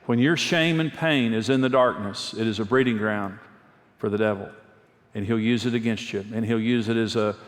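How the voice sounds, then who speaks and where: A man's voice: lowish voice, moderate pace. Earnest male preacher, long hall reverb. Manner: earnest storytelling, repeats key phrases. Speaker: pastor and marriage speaker. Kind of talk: conversational sermon with personal stories.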